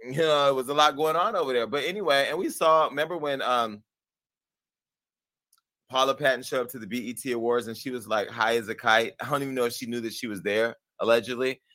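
Gossip host, man, bright forceful voice, sassy and profane, dry close sound. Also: mid-range voice, brisk, no room sound. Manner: sassy, profane, animated, laughs at himself. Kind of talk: brash gossip commentary.

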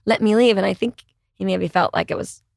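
Gravelly-voiced woman telling a dating story. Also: medium pitch, fairly quick, no room sound, clean studio sound. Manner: animated storyteller, acts out quoted dialogue. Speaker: podcast guest. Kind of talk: casual storytelling chat.

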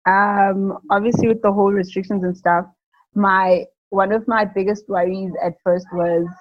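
A woman's voice: medium pitch, fairly even intonation, normal speed, dry recording. Chatty young woman with lots of fillers. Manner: rambling, many fillers, laughs often. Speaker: new mother interviewee. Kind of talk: casual interview talk. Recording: dull lo-fi sound.

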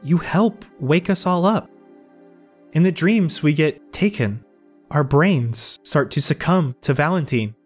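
An anxious young woman haunted by her nightmares, voiced by a man, stumbles over her words in earnest bursts. The voice sits fairly high, and soft music plays faintly underneath. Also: breathy edge. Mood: urgent. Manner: halting, stammering, earnest.

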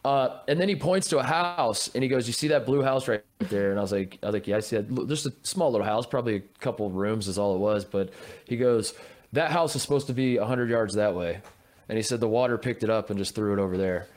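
A man's voice: lowish voice, fast, darkish tone. A man co-hosting a podcast, telling a story in casual chat with lots of restarts and stammers. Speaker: podcast co-host.

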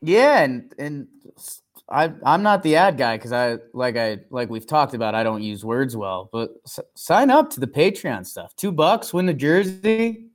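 A man co-hosting a casual sports podcast, rambling and self-deprecating, turning animated when he recaps the game. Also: mid-range voice, unhurried. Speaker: podcast co-host.

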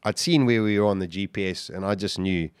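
A man's voice: deep voice, a little fast, clear, resonant tone, no room sound. Dry, intense middle-aged man storyteller. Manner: animated, vivid retelling with acted-out quotes. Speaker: podcast guest.

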